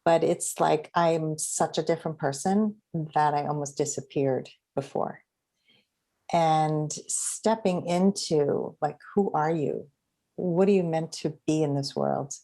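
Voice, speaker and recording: A woman's voice: low-pitched, a little slow, mellow. A middle-aged woman hosting a podcast, reflecting and sharing her own experience in a casual interview. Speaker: podcast host.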